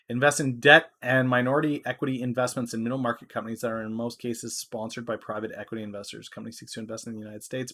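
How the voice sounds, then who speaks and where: A man hosting a stock market podcast, talking casually in a loose, filler-heavy way that gets loud when he is excited. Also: mid-range voice.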